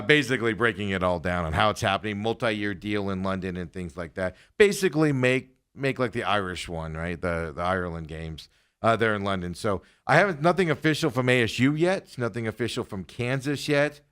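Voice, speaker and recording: A man's voice: lowish voice, fairly bright tone, clear, resonant tone. A man hosting a casual sports talk show, rambling and trailing off as he talks. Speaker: podcast host.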